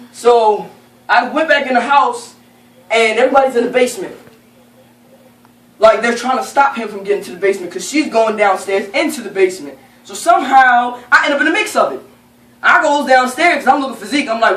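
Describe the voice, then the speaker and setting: A young woman casually telling a funny story to friends, animated and profane, often laughing as she talks. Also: a little high, fast talker. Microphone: camera held by a friend. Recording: roomy sound from a distant camera, faint noise.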